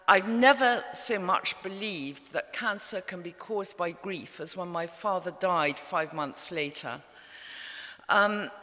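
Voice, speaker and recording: A woman's voice: lowish voice, pushed and bright. A middle-aged English woman, an author, telling a story to a live audience in a wry, understated way. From England. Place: event hall. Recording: reverberant live venue.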